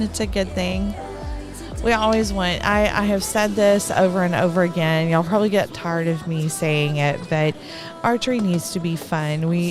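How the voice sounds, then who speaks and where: Middle-aged texan lady chatting away on a live event stream, rambly and talkative, laughs a lot. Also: medium pitch.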